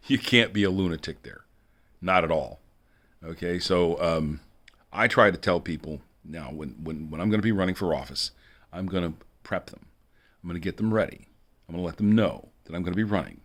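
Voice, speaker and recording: A man's voice: deep voice, a bit bright. A man rambling through a monologue for his video blog, repeating himself and chuckling between asides. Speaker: video blogger.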